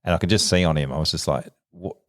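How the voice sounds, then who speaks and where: A man's voice: low voice, fast, no room sound, clean studio sound. An Australian man, a police officer, chatting casually on a podcast and telling stories with acted-out dialogue and frequent laughs. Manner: animated storyteller, acts out quoted dialogue, laughs often.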